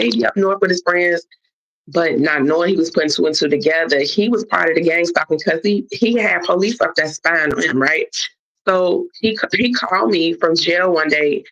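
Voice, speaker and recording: A woman tells a long personal story in a casual, animated way, jumping into other people's voices as she quotes them. Her voice has a gravelly rasp. The stream audio sounds dull and lo-fi. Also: lowish voice. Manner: animated retelling that acts out others' lines. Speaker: guest on a live stream.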